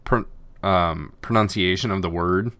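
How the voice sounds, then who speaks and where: A low-voiced man chats casually as a podcast co-host, now and then acting out lines in quick put-on voices. The sound is close and dry, with no room around it. His delivery is loose and conversational. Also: a bit bright, clear, resonant tone, dry recording. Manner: chatty, acts out scenes in quick put-on voices. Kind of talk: casual chat.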